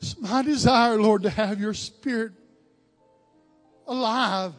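High-voiced fervent revival preacher in a reverberant church. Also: male voice, takes it slowly. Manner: fervent, chanting prayer that rises to crying shouts. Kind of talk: Pentecostal revival sermon and prayer. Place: church sanctuary at the altar. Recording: music behind, long church reverb.

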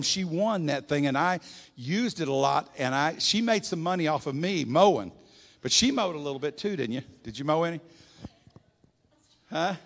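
An older man preaching a sermon, telling folksy stories and swinging between loud and soft. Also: on the high side, creaky. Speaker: pastor. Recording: long echoing hall reverb.

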